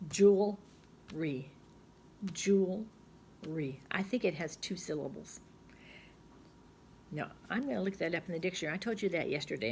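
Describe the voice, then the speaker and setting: Chatty woman teacher, slow sounding-out. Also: on the low side, a little hiss or hum. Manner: patient, chatty, thinks aloud and sounds words out slowly. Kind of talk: recorded phonics lesson for children.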